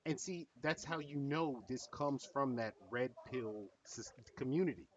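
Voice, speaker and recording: A man's voice: mid-range voice, moderate pace, hardly any pauses, far from the mic. Male reaction host, blunt and profane, set back from the mic, muffled sound. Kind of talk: casual reaction commentary.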